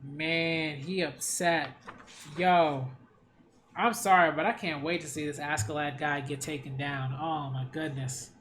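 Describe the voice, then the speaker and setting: A man hosting a reaction video, commenting casually in an excitable, slangy way with frequent exclamations. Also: fairly high pitch, a little slow, slight background noise.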